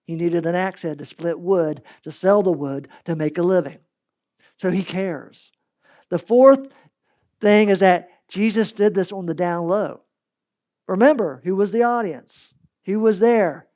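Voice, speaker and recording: A man preaching a sermon as pastor, telling stories in a lively way and swinging between loud and soft. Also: high voice, a little slow.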